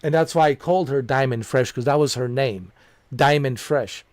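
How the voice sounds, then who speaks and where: A man's voice: mid-range voice, moderate pace, no echo. A man who streams games, telling a long story in a loose, chatty way, full of "man", "dude" and "you know". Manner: amused, laughs at his own story. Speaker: gaming streamer. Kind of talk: casual rambling storytelling.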